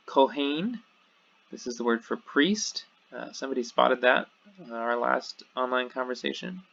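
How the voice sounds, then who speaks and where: Male teacher, gravelly bright voice, patient step-by-step explainer. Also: medium pitch. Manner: slow, explains step by step, repeats words twice. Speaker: Hebrew teacher. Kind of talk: recorded online lesson. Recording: dull lo-fi audio.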